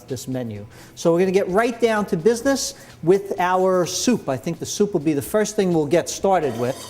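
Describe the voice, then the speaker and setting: Chatty cooking show host. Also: male voice, sits high, darkish tone. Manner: enthusiastic, chatty, explains as he chops. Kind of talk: cooking demonstration.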